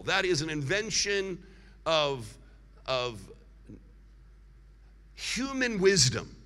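Evangelist preacher, male, piercing bright tone, call-and-response sermon, long church-hall reverb. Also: sits high. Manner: preaching with call-and-response and emphatic drawn-out declarations.

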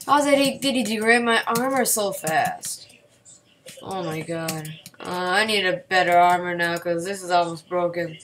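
A woman giving casual gameplay commentary at her home computer at night, excitable, yelping and repeating words when she panics. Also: fairly low pitch, normal speed.

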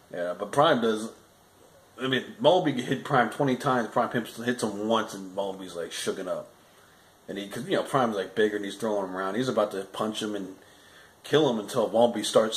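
A man's voice: on the low side, echoey room, poor audio. A man giving a casual, rambling spoken movie review, often restarting sentences and adding frustrated asides.

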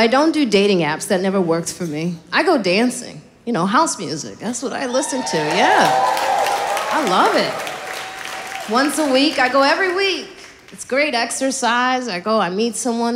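A woman comedian performing a stand-up set, animated and acting out bits of dialogue. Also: mid-range voice, slight background noise. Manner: animated, acts out dialogue with voice jumps.

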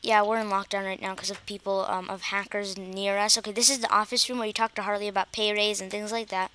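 A chatty woman hosts a casual gaming video, leading a tour in a mid-pitched, everyday voice. She laughs often and trips over her words as she goes. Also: little pitch movement, fast, bright, forceful tone. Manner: chatty and giggly, with frequent restarts. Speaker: host and player giving a base tour.

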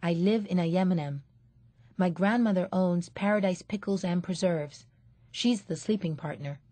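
A woman's voice: lowish voice, normal speed, warm tone, no room sound, natural voice. A woman reading an audiobook, voicing a polite, earnest young boy.

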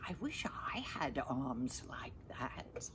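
An older woman reading aloud, voicing a small, eager, loving young male hare in a picture book, often in a soft near-whisper. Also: a little high, big pitch swings, slow pace, noisy background, voice pushed up, exaggerated voice. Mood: wistful whisper.

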